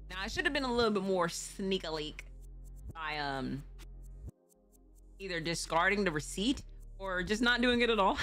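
Young woman, low voice, bright tense tone, profane storytelling, faint music. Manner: candid, profane, laughing storyteller. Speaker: streamer. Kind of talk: casual storytime chat.

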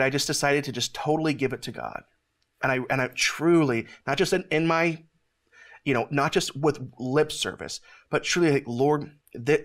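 A man hosting a ministry show, giving an emotional testimony in an earnest, halting way with many restarts, near tears. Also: mid-range voice, a bit bright.

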